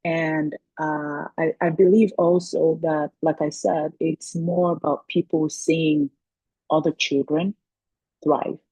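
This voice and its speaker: A woman's voice: low voice, slow pace, vocal fry, dark tone, husky, no echo, poor audio. A woman speaking as a guest on a video call, telling stories in a chatty way and laughing between points. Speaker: guest speaker, parent coach. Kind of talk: casual talk on a video call.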